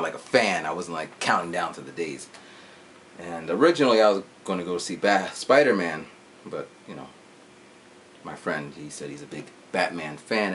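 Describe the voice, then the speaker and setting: In a fairly low, somewhat bright voice, a man in his forties reviews a movie for his vlog. It's a casual retelling peppered with sound effects and a bit of swearing.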